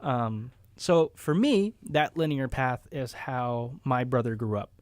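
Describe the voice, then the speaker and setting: A young man co-hosting a podcast in casual chat, telling personal stories in an animated way. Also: mid-range voice, slow pace, no room sound. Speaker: podcast co-host.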